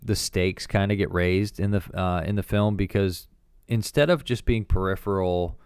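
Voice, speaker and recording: A man's voice: low-pitched, darkish tone, clean tone, no echo, studio quality. A young adult man co-hosting a podcast, chatting casually and jokingly about a movie. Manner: chatty, jokey, quick asides. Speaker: podcast co-host. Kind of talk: casual film discussion.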